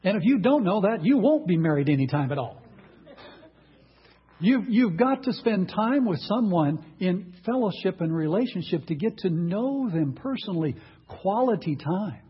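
A man's voice: sits high, big pitch swings, moderate pace, slightly rough, dull audio. A man preaching a sermon, emphatic, asking the congregation rhetorical questions.

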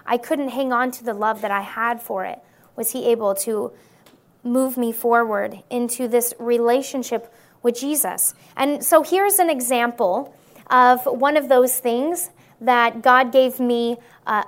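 High-voiced woman giving an earnest sermon. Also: measured pace. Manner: earnest, checks in with listeners by asking "right?". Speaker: Christian speaker. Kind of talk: testimony-style sermon talk to an audience.

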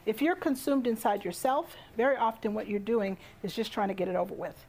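A woman with a fairly high voice leads a public speaking workshop. She is animated and playful, chats with her audience and laughs often. She speaks into a handheld microphone in a lecture room. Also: a little fast.

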